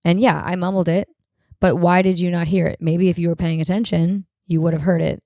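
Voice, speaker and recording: A woman with a deep, raspy voice rambles through comic stories as a podcast host. She talks casually and bluntly, with plenty of swearing. Her voice sounds close and dry, with no room around it. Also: level tone, brisk, warm tone, dry recording. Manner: blunt, profane, rambling storyteller. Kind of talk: casual comedic monologue.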